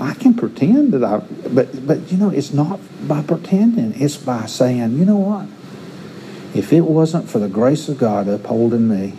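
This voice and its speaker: A man's voice: medium pitch, mellow, a little hiss or hum, rough recording. A middle-aged man preaching a sermon, earnest and given to repeating words as he restarts his phrases. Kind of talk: sermon with personal stories.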